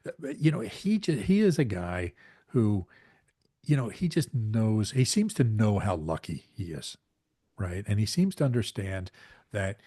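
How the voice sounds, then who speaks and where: A low-pitched man co-hosting a podcast. He rambles casually and restarts his sentences, filling gaps as he goes. The recording is bone-dry and close to the mic. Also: sing-song, a little slow, mellow, dry recording. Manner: rambling, many fillers and restarts. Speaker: podcast co-host.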